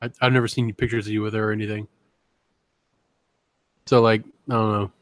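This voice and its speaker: A man's voice: fairly low pitch, flat delivery, fairly quick, no room sound. A man co-hosting a comedy podcast, rambling and crude in casual chat, often breaking into giggles. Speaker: podcast co-host.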